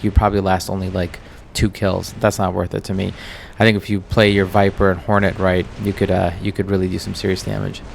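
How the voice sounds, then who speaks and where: A man's voice: sits low, gravelly, a little hiss or hum. An American man commenting casually over his own gameplay as channel host, chatty and distracted, full of ums and uhs. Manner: chatty, distracted, filler-heavy.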